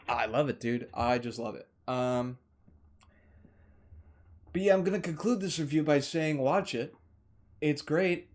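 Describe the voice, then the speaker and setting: A movie reviewer, an excitable man, rambles casually through a film review without a script, stumbling over words and doubling back as his enthusiasm grows. He gushes, restarts often, and swaps in mild stand-ins for swear words. His pitch is ordinary and mid-range, and he sounds like a laid-back vlogger talking from a warm room at home.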